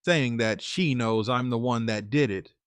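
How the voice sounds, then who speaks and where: A man's voice: mid-range voice, measured pace, clean tone, no echo. A man hosting a story channel, narrating in the first person and then giving casual, plain-spoken advice. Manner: conversational, plain-spoken, with fillers and restarts.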